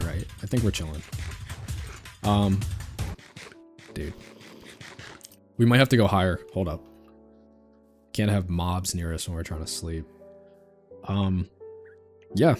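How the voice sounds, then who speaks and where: A man with a low voice talks loosely over his gameplay as a channel host. His talk rambles and is full of fillers and the odd "dude". Faint music plays behind him. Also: lively intonation, moderate pace, long pauses, a little mellow. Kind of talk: casual commentary over gameplay.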